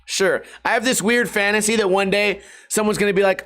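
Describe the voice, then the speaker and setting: Brief: thirties male vlogger, foul-mouthed, joking, rambling monologue, slightly high voice. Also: steady tone, fairly quick, few pauses, fairly bright tone. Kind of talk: casual rambling monologue to camera. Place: hot house.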